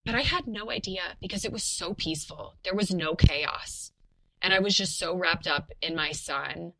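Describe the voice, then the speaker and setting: Bright-voiced young woman telling her story. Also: fairly low pitch, moderate pace, gravelly, a little hiss or hum, rough recording. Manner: animated, many fillers like "like", laughs often. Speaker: podcast guest telling her birth story. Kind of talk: casual personal storytelling.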